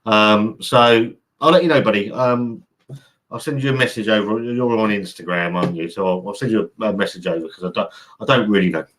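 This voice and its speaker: A man's voice: fairly low pitch, fairly quick, fairly bright tone. A man hosting a casual live stream from home, rambling, swearing casually and reading out chat messages. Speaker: channel host. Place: home room by an open window.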